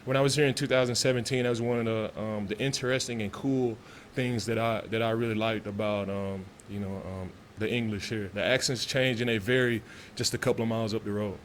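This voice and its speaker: A man's voice: fairly low pitch, fairly even intonation, brisk, hardly any pauses, a little hiss or hum. A man from Texas, a pro football player answering press questions in a loose, laid-back way with many restarts.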